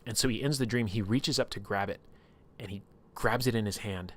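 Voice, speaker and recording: A man's voice: fairly low pitch, brisk. A man casually retelling a story on a livestream, rambling and swearing often.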